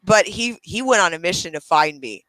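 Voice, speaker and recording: Man, host, casual gaming chat, animated storyteller, high voice, bright, dry close sound. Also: normal speed, rough recording. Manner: animated storyteller, swearing, acting out quotes in raised voices. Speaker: podcast host.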